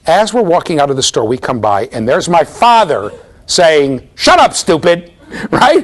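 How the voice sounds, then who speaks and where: Middle-aged guy lecturing in a hall, lively up-and-down voice, keeps asking right? okay?. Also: mid-range voice. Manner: animated storytelling, mimics voices, asks the class "right?". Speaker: university lecturer. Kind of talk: classroom lecture.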